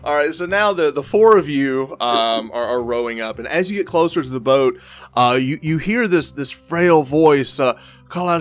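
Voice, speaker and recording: A man's voice: fairly high pitch, expressive, moderate pace, no echo, faint music behind. A man narrating a tabletop game as game master, casual and prone to repeating words and restarting.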